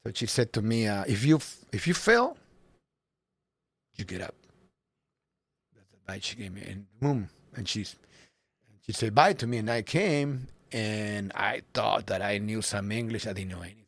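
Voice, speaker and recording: A man's voice: fairly low pitch, normal speed, no room sound. Middle-aged man with a Peruvian accent. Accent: Peruvian Spanish. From Peru. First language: Spanish. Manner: animated storyteller, restarts and repeats words. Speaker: restaurant owner. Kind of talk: casual interview storytelling. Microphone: studio microphone.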